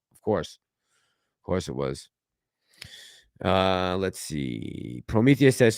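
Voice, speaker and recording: Casual livestream host reading chat. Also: male voice, fairly low pitch, smooth, no echo, clean studio sound. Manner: chatty, reads viewer comments aloud and reacts.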